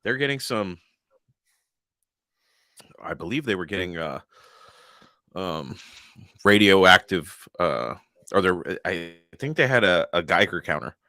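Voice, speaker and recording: A man's voice: low voice, very animated, slow pace, long pauses, bright, forceful tone, no room sound, clean studio sound. A young man co-hosting a paranormal podcast in a loose, joking chat, laughing often and swearing freely. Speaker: podcast co-host. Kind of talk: casual chat.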